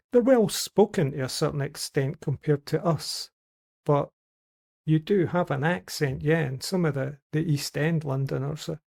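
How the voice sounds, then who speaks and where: A man's voice: fairly high pitch, creaky, mellow. A Scottish man chatting casually on a podcast, telling rambling anecdotes. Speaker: podcast regular. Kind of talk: casual group chat.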